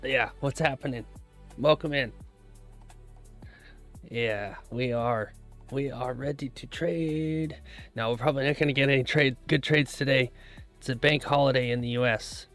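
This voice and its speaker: A man's voice: medium pitch, fairly even intonation, normal speed, long pauses, a bit bright, soft background music. A man hosting a trading live stream, chatting casually and easily with his viewers while checking charts. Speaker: livestream host, futures trader.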